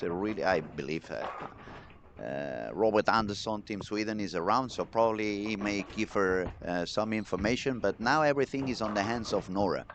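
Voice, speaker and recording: Excitable male bowling commentator. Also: fairly low pitch, a little hiss or hum. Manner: excitable, chatty, talks to the chat. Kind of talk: live sports commentary.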